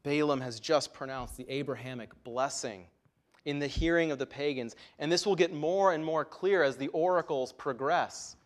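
A man's voice: a little high, moderate pace. A man preaching a sermon in an earnest, emphatic way, his voice rising and dropping to stress key points.

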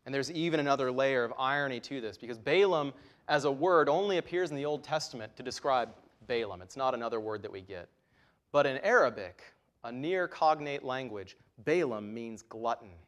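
Male pastor, mid-pitched voice, emphatic sermon delivery. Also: a little fast, fairly bright tone. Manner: earnest, emphatic, voice rising and falling for stress. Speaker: preacher.

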